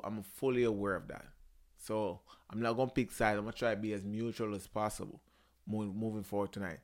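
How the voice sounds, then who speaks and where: A young man hosting a podcast, talking casually about relationships in an animated, emphatic way, swearing, repeating himself and searching for words. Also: on the low side, quick pace. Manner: searches for words, frequent restarts. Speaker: podcast host.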